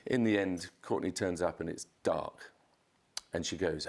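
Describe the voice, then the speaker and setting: Low-voiced man telling a wild story. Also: normal speed, creaky, a little hiss or hum. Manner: animated storyteller, swears, acts out quotes in a raised voice. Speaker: podcast guest, photographer. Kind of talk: casual anecdote telling.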